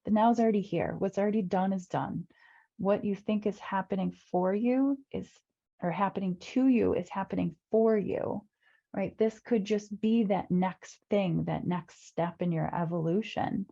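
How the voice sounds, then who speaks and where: A woman's voice: mid-range voice, dark tone. A woman life coach giving an earnest webinar talk, repeating key phrases and acting out the voices in people's heads. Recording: dull lo-fi webinar audio.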